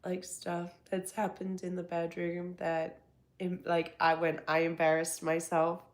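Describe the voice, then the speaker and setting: A young woman hosting a casual livestream, hoarse, congested and tired from the flu. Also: on the low side, completely flat delivery. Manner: slow, drowsy talk, reading chat aloud. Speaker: livestream host.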